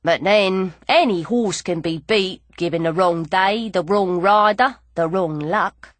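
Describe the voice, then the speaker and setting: A man's voice: high voice, measured pace, fairly bright tone, dry recording, voice pushed down. A woman reader voicing a small, cocky male jockey of about thirty with a Cockney accent and an easygoing, drawling way of talking. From London.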